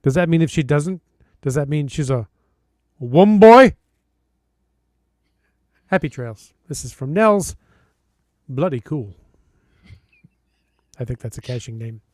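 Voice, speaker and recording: A man hosting a podcast, reading a listener's story aloud with dramatic, playful emphasis and comic pauses. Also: medium pitch, animated, darkish tone, dry recording, clean studio sound. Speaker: podcast host.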